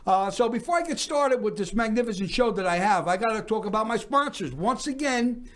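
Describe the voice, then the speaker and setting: A man's voice: sits high, lively intonation, a little fast, a bit bright. Effusive older male showman host. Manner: effusive, emphatic, repeats words. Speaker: variety show host. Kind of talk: showman's monologue.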